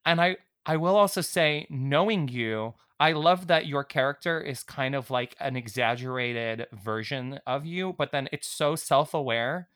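Bright-voiced man gushing about a show. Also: mid-range voice, a little slow, hardly any pauses. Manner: enthusiastic, gushing fan talk full of "like". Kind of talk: casual interview chat.

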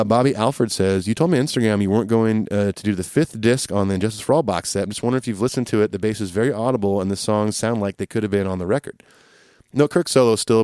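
Easygoing low-voiced man hosting a podcast. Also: a little mellow, no room sound, clean studio sound. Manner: easygoing and rambling, with many fillers and restarts. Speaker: podcast host. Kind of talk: casual chat answering listener questions.

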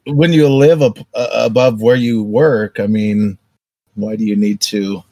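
A man's voice: on the low side, fairly even intonation, measured pace, warm tone, no echo. A man co-hosting a podcast in casual chat, easygoing and jokey. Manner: easygoing, jokey, drops into mock accents. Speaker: podcast co-host.

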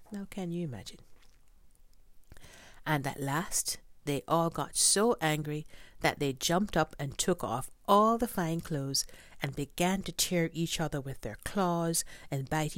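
A woman reading a children's story aloud in an expressive, drawn-out storytelling manner. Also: sits low, dry recording, studio quality.

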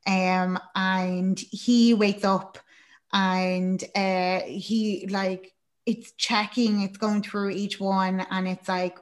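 A woman's voice: mid-range voice, flat delivery, drawn-out words. Woman, casual film recap, mid-range voice, rambling, sweary. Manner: chatty, rambling, lots of fillers and swearing.

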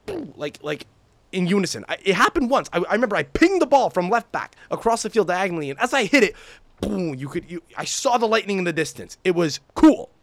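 A man's voice: sits high, brisk, no room sound. Profane ranting young podcast guy. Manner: animated, profane, mimics people in shouty voices. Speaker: podcast host. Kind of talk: casual chat, ranting storytelling.

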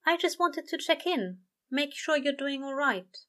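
Woman doing a fussy high-pitched angel guy, flustered, soft and doting, storybook reading. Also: animated, a little slow. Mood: gentle. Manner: flustered, high and breathy, eager to reassure.

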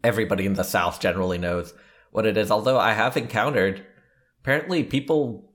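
A man co-hosting a podcast in casual chat, with dry, deadpan humor. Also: on the low side, fast talker. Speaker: podcast co-host.

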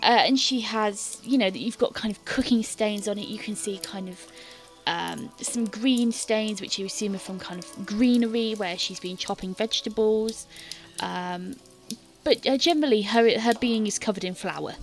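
A woman's voice: medium pitch, moderate pace, faint music behind. A woman game master narrating a tabletop scene in detail, with many fillers and hesitant restarts.

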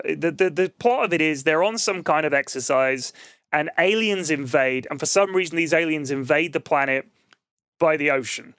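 Male podcast host, high voice, dry close sound, lively storyteller. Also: dry recording. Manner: animated storyteller, acts out movie scenes. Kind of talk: casual chat.

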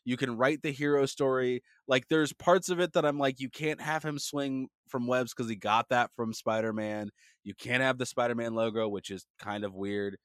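A young man co-hosting a podcast, chatting casually and telling stories in an animated, profane way. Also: mid-range voice, normal speed, clean tone, no room sound, clean studio sound. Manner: animated, profane storytelling with voices. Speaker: podcast co-host. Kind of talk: casual chat.

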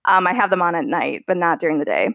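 A woman's voice: on the low side, animated, quick pace, vocal fry, dry recording. Woman on a tinny phone-like line. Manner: candid, chatty, laughs often, many "like" fillers. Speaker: podcast guest. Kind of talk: conversational interview.

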